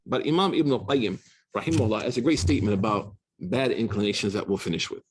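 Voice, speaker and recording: Brief: American male teacher, rapid-fire, animated, slangy classroom talk. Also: on the low side, background noise. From United States. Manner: fast, slangy, animated storytelling with Arabic recitation. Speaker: Islamic studies teacher. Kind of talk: casual classroom lecture. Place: university classroom.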